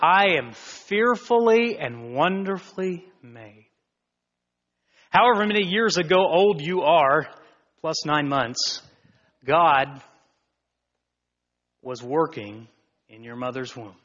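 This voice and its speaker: A man preaches with a bright, forceful, fairly high voice, swinging from near whispers to loud exclamations. He takes his time and lets words hang. The recording is dull and carries a long hall echo. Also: slow pace, pauses often. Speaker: pastor. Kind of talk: sermon.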